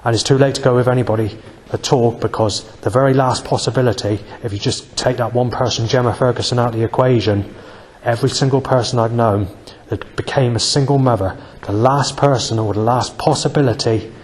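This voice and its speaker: Man, rambling aggrieved vlog monologue, lowish voice, reverberant sound. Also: darkish tone. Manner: rambling, aggrieved, halting with fillers. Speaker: vlogger.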